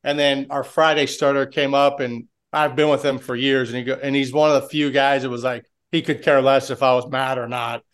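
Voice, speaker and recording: A man's voice: medium pitch, little pitch movement, fairly quick, few pauses, clear, resonant tone. A man who is a baseball assistant coach, talking casually as a podcast guest and telling stories with many restarts. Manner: rambling with restarts and storytelling.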